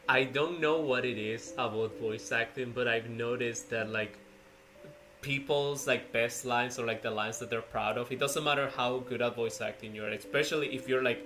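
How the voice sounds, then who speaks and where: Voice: mid-range voice, pushed and bright. A stream host asking questions in loose, informal chat, often laughing. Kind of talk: casual interview chat.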